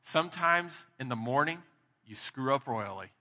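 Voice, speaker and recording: Candid Texan pastor in a reverberant hall. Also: male voice, mid-range voice, normal speed. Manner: candid, storytelling, grows animated in anecdotes. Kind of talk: sermon.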